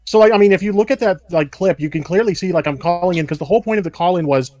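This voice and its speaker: A man calling in, confronting the host, quiet and full of fillers. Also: sits high, racing, no echo. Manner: soft-spoken, confronting, lots of "like". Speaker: caller. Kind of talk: casual call-in chat.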